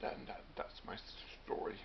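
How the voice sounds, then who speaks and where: A man's voice: normal speed, a little hiss or hum. A man hosting a rambling comedic monologue, full of wry self-deprecating asides. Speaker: host. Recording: dull lo-fi recording.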